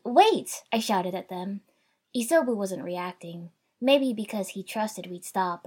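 A woman narrating a first-person fan fiction story in a wry, conversational way, raising her voice for shouted dialogue. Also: on the low side, breathy edge. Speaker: audiobook narrator.

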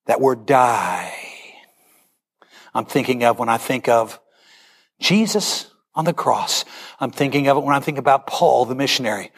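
A man's voice: high-pitched, very animated, unhurried, a bit bright. A middle-aged male pastor telling a Bible story in a sermon, acting out the characters' lines with animation.

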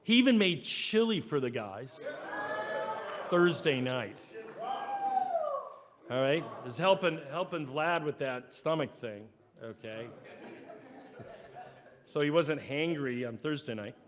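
A man preaching a sermon in church, animated, acting out quoted voices and swinging between loud and soft. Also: on the high side, slow, pauses often, background noise. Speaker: pastor. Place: church sanctuary.

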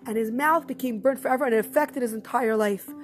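A woman storyteller retelling a religious story in an animated, expressive way, with emphatic repetition. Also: on the high side, fast, faint music behind.

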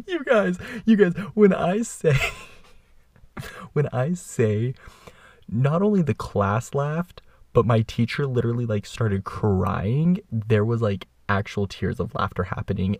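A man's voice: on the low side, darkish tone, husky, no room sound. A young man in his twenties hosting a podcast, telling a story casually in a chatty way and laughing often mid-sentence. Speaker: podcast host.

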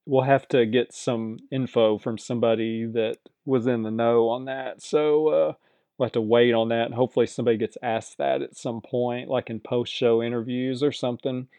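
A man's voice: medium pitch, fairly even intonation, normal speed, mellow, dry recording. A man recapping a reality competition show in a casual, chatty way, often hedging and repeating himself.

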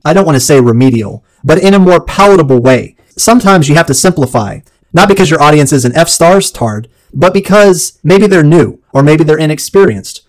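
A theatrical man hosting a solo podcast, his voice sitting a little higher than most men's. He strings ornate words into punchy lists. When he quotes, he sinks low and slow. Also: poor audio. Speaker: podcast host.

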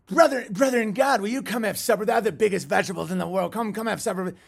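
A man's voice: high-pitched, quick pace, creaky, husky, exaggerated voice. A man voicing a sly male cannibal who speaks with false, pious friendliness while reading a parable aloud. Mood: coaxing. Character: sly smiling male cannibal feigning piety.

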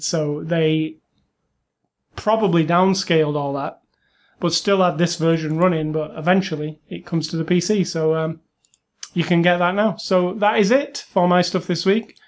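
A man with a British accent co-hosting a podcast in casual chat, with a relaxed, dry manner. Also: a little high. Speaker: podcast co-host.

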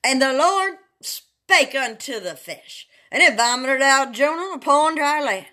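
Bright-voiced woman reading scripture. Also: high-pitched, expressive. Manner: sing-song, drawn-out dramatic reading; chatty asides to listeners. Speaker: Bible reader. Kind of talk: dramatic scripture reading with asides.

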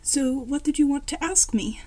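Woman playing cheerful boy with many sisters, chatty, helpful, high voice. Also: moderate pace, warm tone, close to an everyday voice.

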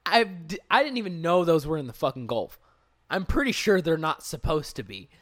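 A man's voice: a little high, big pitch swings, brisk, no echo, clean studio sound. A man co-hosting a podcast, bantering bluntly and telling a story in casual chat. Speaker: podcast co-host.

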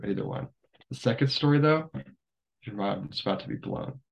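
A man's voice: on the low side, animated, normal speed, vocal fry, dull audio. A young adult man, a podcast guest, telling stories in a rambling casual way, full of fillers. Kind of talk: casual storytelling.

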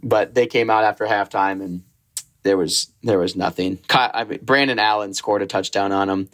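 A man's voice: fairly low pitch, steady tone, fairly bright tone. Male podcast co-host, casual sports talk, chuckles a lot, salty language. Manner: laughs often, swears, quick storytelling asides.

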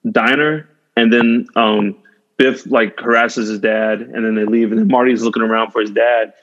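A man's voice: on the low side, fairly even intonation, moderate pace, a bit bright. A male podcast host chatting casually about a movie, enthusiastic and often laughing, with plenty of fillers. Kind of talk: casual chat. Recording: dull lo-fi recording.

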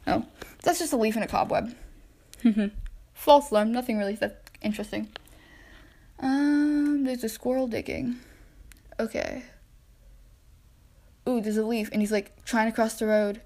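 A woman's voice: a little high, unhurried, long pauses, warm tone. A young woman hosting a casual solo podcast from home, chatting and narrating the animals she spots through her window, easily distracted and talking to them directly. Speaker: podcast host. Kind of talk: casual solo chat narrating backyard wildlife.

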